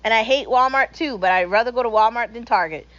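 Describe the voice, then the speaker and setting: A woman's voice: on the high side, fast talker, a bit bright, highs cut off. A young woman hosting her own show, ranting bluntly and profanely in a casual opinion monologue. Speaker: podcast host.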